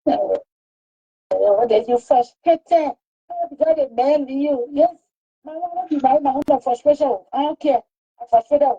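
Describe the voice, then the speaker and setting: A woman's voice: sits high, a little slow. A woman, talking emphatically and repeating herself in heated casual talk. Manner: emphatic, repetitive. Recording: dull lo-fi recording.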